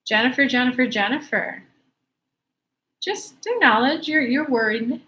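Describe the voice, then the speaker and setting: A woman's voice: high-pitched, a little slow, sharp tone. A woman coaching live as she answers viewer questions, in a chatty, emphatic way. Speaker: law of attraction coach.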